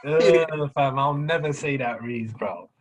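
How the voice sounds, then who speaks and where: A young man co-hosting a casual podcast chat, slangy and quick to laugh, often repeating his words. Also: medium pitch, a little hiss or hum. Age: young adult. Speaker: podcast co-host.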